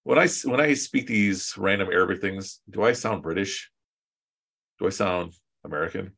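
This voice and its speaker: Deep-voiced man teaching a relaxed class. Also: normal speed, creaky. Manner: relaxed and joking, with chatty asides. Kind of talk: casual online class teaching.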